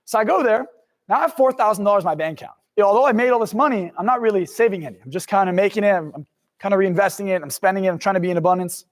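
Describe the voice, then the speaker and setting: High-voiced man telling a story in a hall. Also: rapid-fire. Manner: animated storytelling, acts out his own past lines. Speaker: motivational speaker. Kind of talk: storytelling talk.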